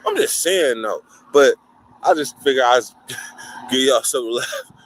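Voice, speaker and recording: A man tells a prison story in a casual vlog, full of profanity and voicing other people in a high pitch. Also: very animated, normal speed, a little hiss or hum, rough recording. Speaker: vlogger, former prisoner.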